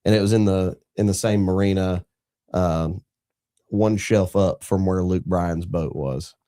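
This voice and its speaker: A man hosts a casual radio interview in a very low, deep voice. He is easygoing and quick to laugh, and he spins his own loose stories between questions for his guest. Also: dark tone. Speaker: radio show host.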